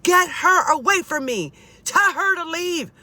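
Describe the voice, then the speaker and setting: Frightened big old dad, shouting and insistent, quoted by a woman; pitched high, tense. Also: very animated, a little slow, no room sound, exaggerated voice. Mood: frantic. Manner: panicked, shouting. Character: frightened elderly father, big man, yelling.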